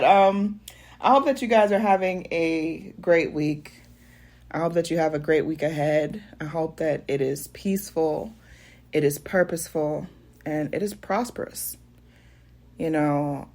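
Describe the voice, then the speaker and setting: Chatty woman telling a funny story. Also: on the low side. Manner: animated, laughing often, addresses viewers as y'all. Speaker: vlogger. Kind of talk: casual storytelling to camera.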